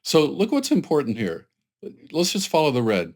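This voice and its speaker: A man's voice: medium pitch, sing-song, moderate pace, slightly rough. A man giving casual political commentary, emphatic and sarcastic, rambling with frequent restarts.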